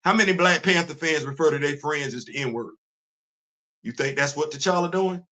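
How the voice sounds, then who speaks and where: A man's voice: fairly high pitch, normal speed, pushed and bright. A man hosting a casual livestream, talking emphatically and repeating himself as he drives his points home. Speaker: host.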